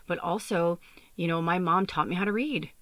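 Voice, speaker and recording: A Chicago woman who hosts a podcast and works as a spiritual medium rambles through her own story candidly, swearing casually and filling her speech with "like" and "you know." Her fairly low, fairly bright voice moves at a moderate pace in a dry recording.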